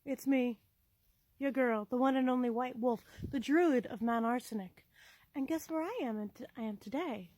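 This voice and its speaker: A woman's voice: high voice, normal speed, a little mellow, no echo, rough recording. A woman vlogging outdoors in the woods by an old mine entrance. She talks in a chatty, playful way and swears casually. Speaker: vlogger exploring old mines. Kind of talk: casual walking vlog.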